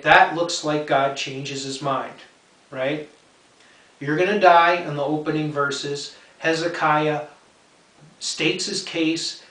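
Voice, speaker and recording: An earnest male Bible teacher with a somewhat high voice talks through scripture point by point. He keeps checking in with his listeners and hammers home each idea by repeating it. The sound is roomy, as though he stands a little away from the microphone. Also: a bit bright, distant mic. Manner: repeats key points for emphasis.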